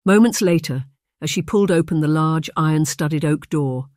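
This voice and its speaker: An audiobook narrator reading a historical romance in a steady, measured storytelling manner. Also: mid-range voice, dry recording, studio quality.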